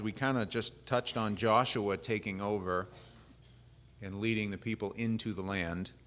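A man preaching as a pastor, speaking in a relaxed, plain-spoken way that wanders with fillers and restarts. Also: fairly low pitch. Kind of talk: casual conversational sermon. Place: church. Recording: long reverb of a church hall.

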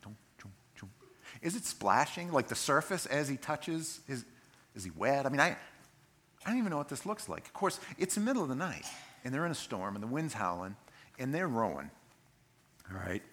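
A man preaching a sermon, telling a Bible story in an animated way and acting out its scenes as he goes. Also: mid-range voice, fairly quick, slight background noise.

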